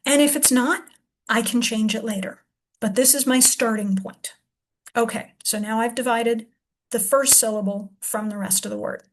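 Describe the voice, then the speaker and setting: A woman teacher walks through a word, thinking aloud and sounding out each syllable slowly. Her voice sits a little high. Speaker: reading teacher. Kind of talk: demonstration lesson.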